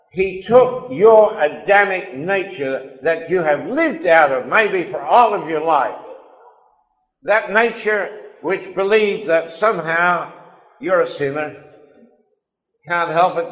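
A man preaching a sermon, emphatic and impassioned, swinging between quiet asides and loud declarations. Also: a little high. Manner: impassioned, emphatic, rising and falling. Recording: echoey hall, dull lo-fi sound.

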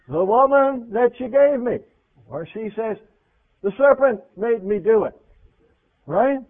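Man, high-pitched, conversational sermon, questioning listeners, loud then hushed, tinny radio sound. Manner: conversational preaching, asks the audience questions, voice swings from loud to hushed. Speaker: preacher. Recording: tinny phone-like radio recording.

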